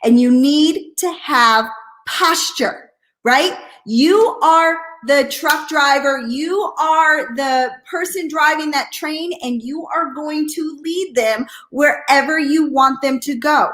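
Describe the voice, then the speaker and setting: Energetic and blunt, a woman coaches network marketers live, her voice pitched high and her delivery slow. She repeatedly asks "okay?" while mimicking hesitant and excited tones.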